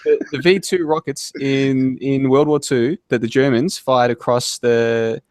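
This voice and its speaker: A man's voice: mid-range voice, fairly even intonation, a little slow, a little mellow, no echo. Argumentative man in a dry online chat. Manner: argumentative, rambling, keeps asking "right?". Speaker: podcast guest. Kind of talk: casual online debate chat.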